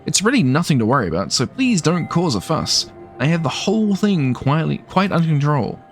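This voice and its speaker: A man's voice: a little high, big pitch swings, a little fast, soft background music. A man voicing an anxious, flustered older female village mayor in a game, fretful and stammering.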